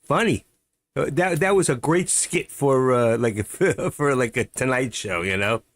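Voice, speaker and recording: Unhurried and mid-pitched, with no echo, a middle-aged livestream host rambles to himself as he day trades. It's casual chat, full of muttering, chuckles, and meandering stories.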